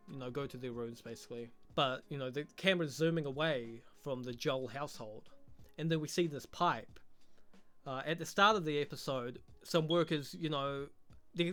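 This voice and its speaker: A man talks through a show review in a casual vlog, crude and profane, with a mocking edge. His voice is bright, crisp and on the high side.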